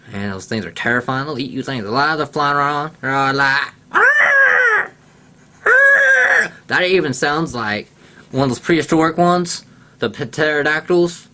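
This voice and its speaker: A man's voice: mid-range voice, a little slow, pushed and bright, a little hiss or hum. A man, a pastor, chatting casually over a video call, rambling and breaking into squawking bird imitations.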